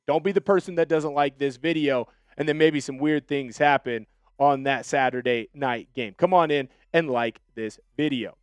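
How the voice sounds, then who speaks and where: A man hosting a sports show, giving emphatic, animated commentary and talking straight to his viewers. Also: fairly high pitch, normal speed, smooth, dry recording.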